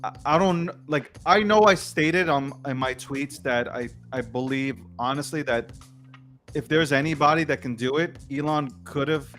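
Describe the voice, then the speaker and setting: A man co-hosting a late-night talk show, his voice sitting somewhat high for a man. He talks in a slangy, emphatic, rambling way, and faint music plays underneath. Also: normal speed, a bit bright. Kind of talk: casual talk-show commentary.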